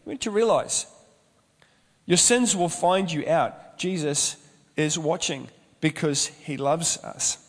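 A man's voice: on the high side, slow pace, in a large hall. A man preaching a sermon as pastor, mixing storytelling and humorous asides.

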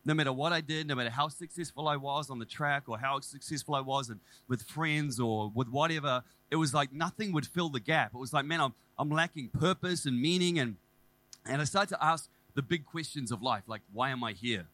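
A man, preaching and telling his own conversion story in a casual, animated, self-deprecating way. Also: a little high, a little fast. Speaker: preacher sharing testimony. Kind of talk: sermon testimony. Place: church service.

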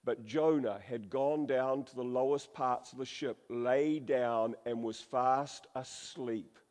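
Speaking slowly in a medium-pitched, slightly mellow voice, a man gives a sermon and joins in jokes with the congregation. He reads scripture dramatically, voicing quotes differently, amid long hall reverb.

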